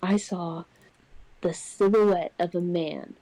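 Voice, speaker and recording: A young woman casually telling a personal ghost story on a podcast, getting animated when she acts out what people said. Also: lowish voice, slow pace, poor audio. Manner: animated, acts out quotes in raised voice. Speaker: podcast co-host.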